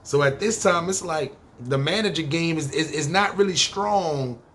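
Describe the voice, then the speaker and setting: A man with a New York accent spins a story from his past on his podcast. His voice sits a little high for a man. He talks in loose, animated street slang with plenty of swearing. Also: moderate pace, a little hiss or hum. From Harlem, New York. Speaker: podcast host. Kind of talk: casual storytelling.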